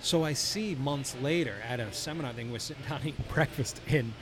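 A man hosting a casual podcast, telling animated stories and swearing freely. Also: mid-range voice, fairly quick, background noise. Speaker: podcast host, golf course superintendent. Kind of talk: casual chat. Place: brewery.

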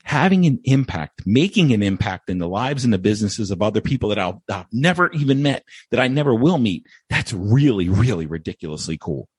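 A man's voice: lowish voice, very animated, a little fast, hardly any pauses, slightly rough, no echo. A man hosting a podcast, talking earnestly and emotionally, repeating phrases as he thanks his listeners. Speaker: podcast host. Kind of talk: heartfelt podcast monologue.

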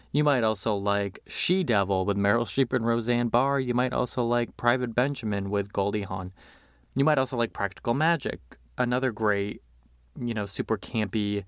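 A man's voice: fairly low pitch, fairly bright tone, clean tone, no room sound, studio quality. A man hosting a podcast, chatting casually and animatedly about movies, with lots of fillers, and acting out quotes. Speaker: podcast host.

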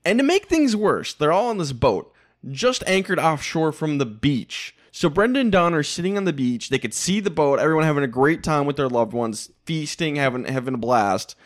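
A man's voice: on the high side, lively intonation, normal speed. A man co-hosting a casual podcast, recapping a reality show with blunt, opinionated asides. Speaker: podcast co-host.

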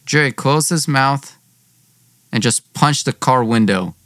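A man's voice: mid-range voice, unhurried, fairly bright tone, dry recording. A young man narrating his own story in a plain, conversational way.

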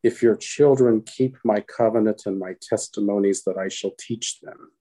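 A man reciting alternate psalm verses in a responsive morning prayer, in a steady, solemn way. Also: fairly low pitch, moderate pace. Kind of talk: liturgical responsive reading.

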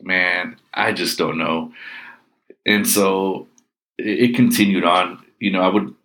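Middle-aged man, very low voice, casual storyteller, animated quotes. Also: takes it slowly. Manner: animated, acts out quoted speech. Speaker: guest telling a personal ghost story.

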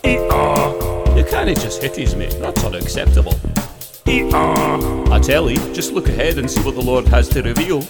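Comic song: man playing a high, loud, braying donkey, indignant. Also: very animated, unhurried, vocal fry, long pauses, loud music behind the voice. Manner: braying, scolding, sung. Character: indignant talking male donkey.

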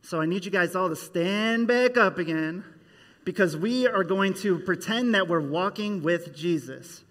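A man's voice: high voice, a little slow. A man leading a children's church service, telling a Bible story and getting the kids to act along with him. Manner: animated, leads kids in call-and-response. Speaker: children's minister. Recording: echoey hall.

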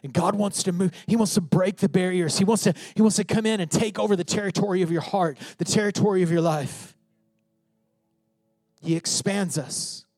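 A pastor preaching a sermon, emphatic, swinging from loud declarations to hushed asides. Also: male voice, high-pitched, normal speed, no room sound.

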